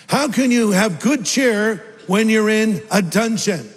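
A man's voice: high-pitched, expressive, slow, in a large hall. A man preaching a sermon as a pastor, conversational and humorous, acting out bits of dialogue.

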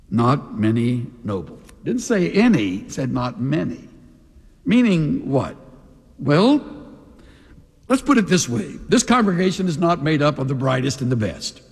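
A male pastor preaching a sermon in an animated way, often acting out the voices of the people he quotes. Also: medium pitch, husky. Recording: long reverb of a large hall.

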